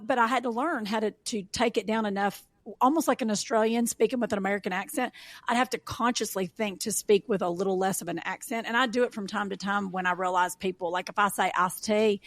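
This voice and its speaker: A woman with a Southern US accent, hosting a casual chat, talkative and quick to laugh. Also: mid-range voice, no echo. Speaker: podcast host.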